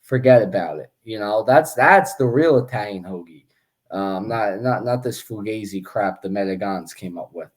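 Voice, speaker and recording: A man's voice: on the low side, moderate pace. A man co-hosting a casual sports podcast, chatty and joking, with many fillers and restarts. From Philadelphia area. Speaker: podcast co-host.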